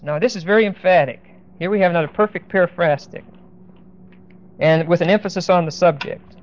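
A man teaching a verse-by-verse Bible lesson, speaking deliberately and with emphasis, stopping now and then to look up verses. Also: high voice. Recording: dull lo-fi recording.

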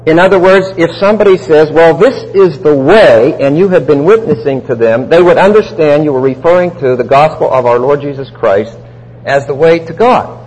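A man teaching the Bible verse by verse in a deliberate, emphatic way. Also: on the high side, a little mellow, breathy edge. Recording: long hall reverb.

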